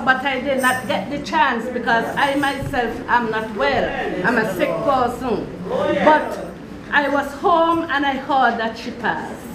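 A woman's voice: sits high, slow pace, a loud crowd. A woman telling a personal story as a tribute at a funeral service, earnest and repeating her phrases as she goes. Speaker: mourner giving a tribute. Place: church or hall at a funeral service. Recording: echoey room with background noise.

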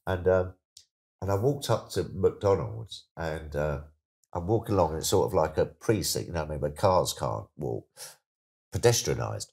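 A middle-aged man with a deep, low voice tells his stories in a loose, chatty way. He is an interview guest who keeps sliding into lively, excited voices when he acts out what people said. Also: a little fast, gravelly. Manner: chatty, animated anecdotes, slips into excited put-on voices. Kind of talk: casual storytelling interview.

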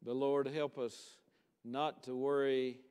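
A male pastor preaching a sermon with emphatic, repeated calls to commitment, easing into a quiet prayer. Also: medium pitch, level tone, slow pace, clean tone. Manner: impassioned preaching with rising emphatic repetition, then quiet prayer. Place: church sanctuary. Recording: long church-hall reverb.

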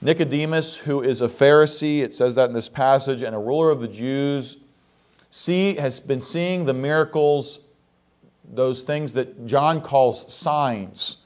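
A male pastor delivers an expository sermon in a church at a middle pitch. He reads scripture aloud and pauses to ask the congregation questions. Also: darkish tone.

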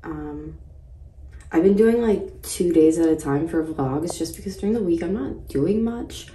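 A woman's voice: lowish voice, lively intonation, measured pace, mellow, recorded from a distance, slight background noise. A woman in her late twenties chatting casually to camera in a morning vlog indoors at a house. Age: late 20s. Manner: chatty, rambling. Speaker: vlogger. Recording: roomy, from off the mic.

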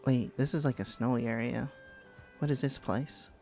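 A man doing live gameplay commentary as a VTuber streamer, excitable and giggly, panicking and repeating words in bursts. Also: medium pitch, moderate pace, creaky, faint music behind.

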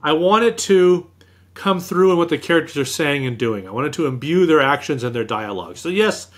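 A man as a guest author in an interview, telling anecdotes in a lively, self-deprecating way. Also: a little high, fairly quick. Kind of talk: storytelling in an interview.

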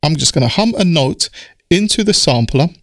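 A man with a croaky voice, explaining music production software step by step in a relaxed tutorial. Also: fairly high pitch, moderate pace. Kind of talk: screen-recorded software tutorial. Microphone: studio mic through audio interface.

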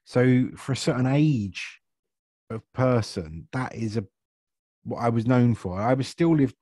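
A man, chatting as an actor guest in a relaxed interview, self-deprecating and laughing often. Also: medium pitch, a little slow, no room sound. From Essex, England. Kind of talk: casual interview chat.

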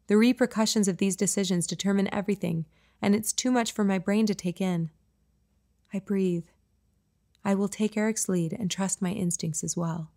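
A woman's voice: creaky, a little mellow. A woman reading her own novel aloud as a first-person audiobook narration. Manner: voices the boys' lines higher and livelier.

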